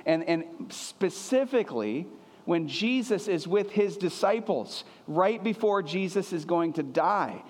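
A male pastor delivering a sermon in a slightly higher-than-usual voice. He preaches with earnest emphasis, doubling back on key phrases to drive them home. His words ring out with a long reverb, as in a large church hall. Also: lively intonation, measured pace.

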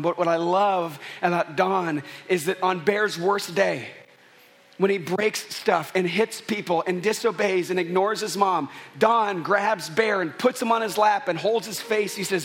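A man's voice: high voice, moderate pace, a bit bright. A man preaching a sermon at a church service, earnest and building to emphatic peaks. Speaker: pastor.

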